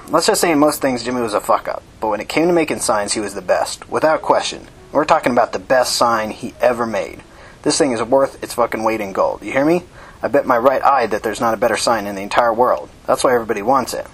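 A man voicing a tall, commanding homeless leader who talks bluntly and swears, in a husky voice, louder and higher than his own. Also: expressive, a little fast, rough recording. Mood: insistent.

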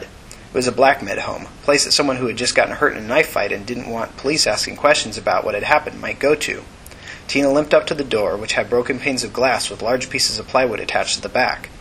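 A male narrator reading a novel aloud at an even, steady pace. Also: mid-range voice, a little fast, a little hiss or hum, poor audio. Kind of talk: audiobook narration.

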